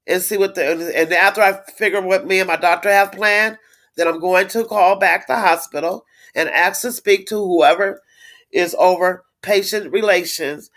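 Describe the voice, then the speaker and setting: A woman's voice: medium pitch, fairly bright tone. A middle-aged woman hosting a casual livestream. She is blunt and indignant, swears freely, repeats herself for emphasis and greets viewers by reading their comments. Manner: repeats words, reads viewer comments aloud. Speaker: livestream host. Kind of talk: casual live-stream chat.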